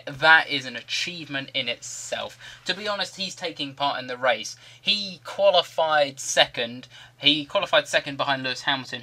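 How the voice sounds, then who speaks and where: A man's voice: mid-range voice, pushed and bright. A man giving rambling, jokey commentary over a video game. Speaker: gaming commentator.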